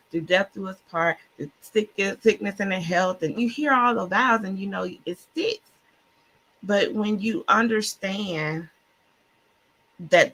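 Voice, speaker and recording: Woman, podcast guest, passionate, emotional, slight stutter, husky, bright. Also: low voice. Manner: passionate, says she stutters. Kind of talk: emotional faith-filled podcast chat. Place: Clubhouse-style online audio room.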